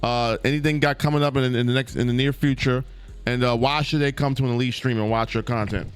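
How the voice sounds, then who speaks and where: A man hosting a casual podcast interview, halting as he reads out questions. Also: mid-range voice, fairly even intonation, clean tone, dry recording, faint music behind. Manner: halting, loses his place while reading questions. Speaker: podcast host.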